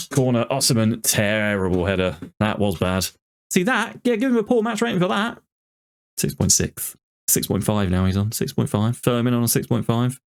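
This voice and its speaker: A man's voice: lowish voice, sing-song, moderate pace. A man commentating on his football management game, ranting in exasperation about it. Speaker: gaming YouTuber.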